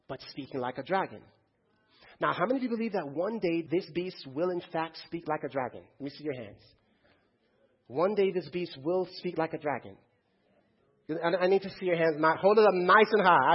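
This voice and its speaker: A man's voice: fairly high pitch, moderate pace, slightly rough, dull audio. A man preaching a sermon to a congregation in a church, firing rhetorical questions and calling on the crowd to answer.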